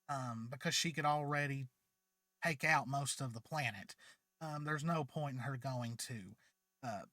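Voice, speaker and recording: A man hosting his channel casually retells a fan story, rambling and chatty with lots of fillers, and he sounds tired. His voice is medium-pitched and sharp, with clean studio sound and no echo.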